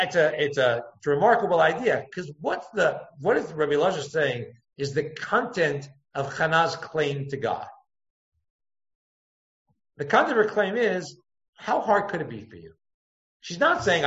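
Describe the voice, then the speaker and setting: A man giving a text-study lecture as a Torah teacher, thinking aloud, circling back to points and jumping his pitch up to act out quotes. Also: very animated, moderate pace, fairly bright tone. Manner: thoughtful, digressive, acts out quotes with pitch jumps. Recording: echoey room, dull lo-fi sound.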